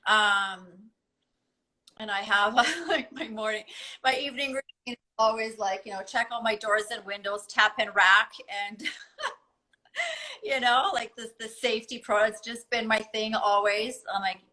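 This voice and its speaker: A woman guest in a casual conversation, telling stories in an animated way and giggling often. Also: on the high side, unhurried, poor audio. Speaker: podcast guest.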